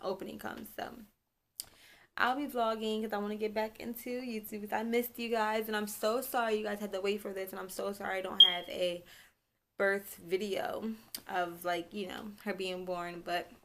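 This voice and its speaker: A young woman talks straight to her camera in a loose, chatty vlog. She rambles, backtracks and apologizes as she goes. Her voice sits at an ordinary middle pitch, picked up by the camera's own mic. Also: flat delivery, normal speed, background noise. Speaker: vlogger, new mother. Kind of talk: casual storytelling vlog.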